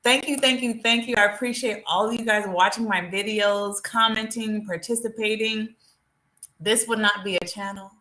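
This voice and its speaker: An animated woman chats straight to her live-stream viewers. Her voice sounds bright and forceful, and the room around her echoes. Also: mid-range voice, normal speed. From United States. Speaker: vlogger. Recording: roomy echo.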